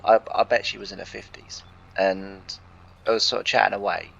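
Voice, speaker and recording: A man's voice: lowish voice, creaky, a bit bright. A young English man from England, casually telling a rambling anecdote over gameplay and retelling each exchange with "I said" and "she said". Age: young adult. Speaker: let's play host. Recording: dull lo-fi recording.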